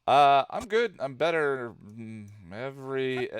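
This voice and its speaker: A man's voice: mid-range voice, very animated, a little slow, smooth, no room sound. A man hosting a casual live stream while he edits a video review, muttering distracted asides to himself and greeting viewers. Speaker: channel host editing a video review.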